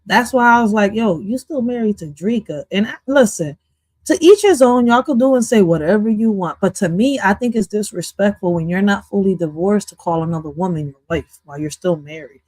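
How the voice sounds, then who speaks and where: A woman hosting a livestream, reacting to an interview clip in loud, profane, jumpy casual commentary that swings between jokes and asides. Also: mid-range voice, brisk, no room sound, low-quality recording.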